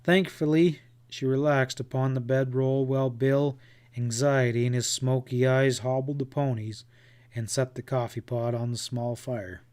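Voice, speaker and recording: Slow, measured male audiobook narrator. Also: medium pitch, steady tone, a little mellow. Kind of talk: scripted narration.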